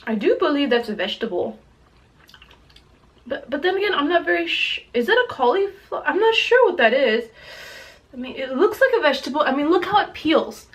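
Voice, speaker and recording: Woman, high voice, chatty, excitable, teary from spice, casual food vlog, at home. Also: brisk. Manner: chatty, excitable, exclaims often. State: sweaty, teary from spicy food. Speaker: mukbang host.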